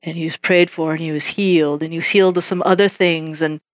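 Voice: mid-range voice, quick pace, no room sound, clean studio sound. A preacher telling a testimony story in a sermon, acting out the dialogue in different voices. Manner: animated, acts out dialogue in quoted voices.

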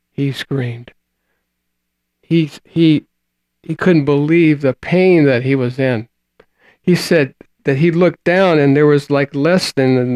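A man preaching a sermon, reading scripture and retelling a testimony in a slow, halting way, often repeating words and trailing off quietly at the ends of phrases. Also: a little high, no room sound.

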